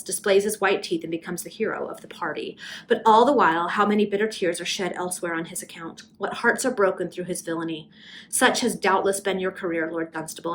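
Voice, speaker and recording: Bitter, vengeful young woman in a Victorian tale, read aloud by a woman, hoarse with rage and scathing in every word. She speaks with imperious scorn at a middling pitch, with faint hiss behind. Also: lightly acted, low-quality recording. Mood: scornful. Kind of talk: amateur reading of a Victorian novel.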